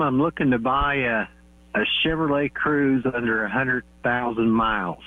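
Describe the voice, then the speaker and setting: A man calls in to a radio show and speaks in a hesitant, plain way. His voice comes through a thin, tinny phone line that is dry and close, with a low mains hum underneath. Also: no echo. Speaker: caller.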